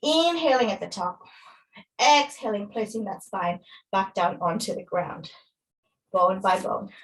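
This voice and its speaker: A woman's voice: mid-range voice, measured pace, distant mic, poor audio. A woman fitness instructor, a little out of breath, guiding a workout and counting reps with encouragement.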